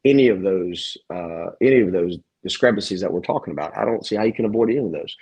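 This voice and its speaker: A man who owns a gym, talking earnestly in a casual interview, reflective and halting with frequent restarts. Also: sits low, a little mellow, husky. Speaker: gym owner.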